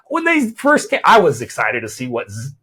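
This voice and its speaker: A man with a husky, slightly breathy voice hosts a health podcast and explains his approach as a chiropractor and weight loss coach. He talks things through out loud, often restarting with repeated words and tagging "right?" onto his points. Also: on the high side, huge pitch swings, moderate pace. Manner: repeats words while thinking, often adds a questioning "right?".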